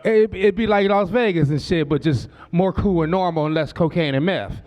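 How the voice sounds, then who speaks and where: A man in his forties doing stand-up on a club stage. His voice sits fairly high for a man. His delivery is brash and full of profanity, and he breaks into quoted voices as he tells his stories. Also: moderate pace, darkish tone. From Southern California. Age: 40s. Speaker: stand-up comedian. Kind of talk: stand-up comedy set.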